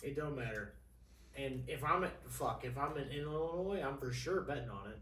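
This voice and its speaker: A man co-hosting a podcast, chatting casually about sports, excitable and repeating himself as he makes predictions. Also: medium pitch, moderate pace. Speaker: podcast co-host. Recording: roomy, distant mic, crowd noise.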